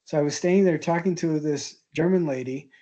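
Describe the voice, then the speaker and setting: A male instructor relaxes into storytelling mid-class, his voice warm and low in tone. He rambles with plenty of ums and restarts, chuckling at his own punchlines. It sounds like a classroom. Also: moderate pace, muffled recording. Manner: chatty, hesitant, laughs at own stories. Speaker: art history instructor. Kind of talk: casual anecdotal storytelling in class.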